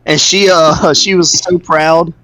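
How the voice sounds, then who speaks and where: A man's voice: fairly high pitch, steady tone, slow, pushed and bright, no echo. A young man co-hosting a casual podcast with friends, telling stories and laughing often. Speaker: podcast co-host. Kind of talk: casual chat.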